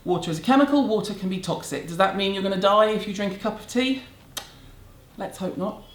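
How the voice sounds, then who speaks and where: A middle-aged British woman vlogging in a blunt, sarcastic rant, her voice neither high nor low. She stresses her points hard and talks straight at the viewer. The room around her echoes. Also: fairly even intonation, a little fast. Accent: British English. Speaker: beauty vlogger. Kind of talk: casual rant to camera. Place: home room in a city. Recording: roomy echo.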